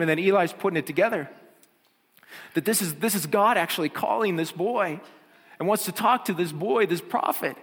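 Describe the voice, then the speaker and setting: Bright-voiced pastor preaching in a hall. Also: male voice, high-pitched, moderate pace, breathy edge. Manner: repeats words, builds to fervent exhortation. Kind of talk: sermon. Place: church. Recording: church hall reverb.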